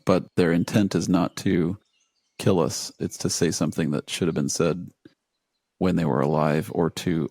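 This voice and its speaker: A man's voice: deep voice, vocal fry, darkish tone, breathy edge, dry recording, studio quality. A man on a podcast, asking questions and musing with hesitant "um"s. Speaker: podcast co-host. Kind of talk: casual movie discussion.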